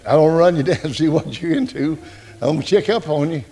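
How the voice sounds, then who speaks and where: A male pastor preaching a folksy, joking, animated sermon. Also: on the high side, brisk, a little hiss or hum.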